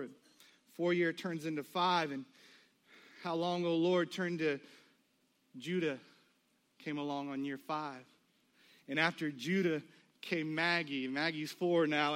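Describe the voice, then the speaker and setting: High-voiced storytelling preacher man. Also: fairly bright tone. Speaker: pastor. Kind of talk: sermon.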